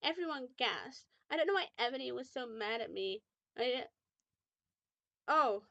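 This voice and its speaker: A woman's voice: a little high, lively intonation, unhurried, gravelly, fairly bright tone, dry recording, muffled recording. A young woman reading a fan fiction aloud with mock drama, often breaking off to make sarcastic remarks.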